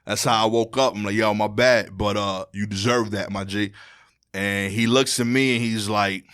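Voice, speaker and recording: A man from Brooklyn holds forth as a podcast guest. He tells his story in street slang and acts out each character in turn. His voice climbs high and loud, then sinks low and quiet. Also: steady tone, normal speed, smooth. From Brooklyn, New York. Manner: slangy, acts out quoted exchanges, voice drops low and quiet near the end. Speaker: stand-up comedian, podcast guest. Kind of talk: animated storytelling in casual chat.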